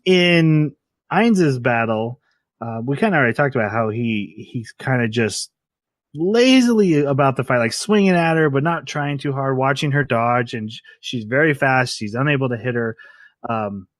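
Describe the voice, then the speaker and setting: A man co-hosting a casual podcast, recapping scenes in quick bursts and acting out the lines with a laugh. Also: mid-range voice, expressive, no echo. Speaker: podcast co-host. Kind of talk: casual chat.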